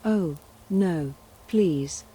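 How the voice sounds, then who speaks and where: A woman voicing a tiny, meek young male billy goat from a storybook in soft whispered role-play. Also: on the low side, drawn-out words, husky, heavily acted, poor audio. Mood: pleading.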